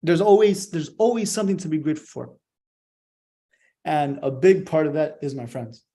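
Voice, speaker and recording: A man's voice: a little high, moderate pace, mellow. A young man giving a profane, emphatic motivational monologue, swearing constantly.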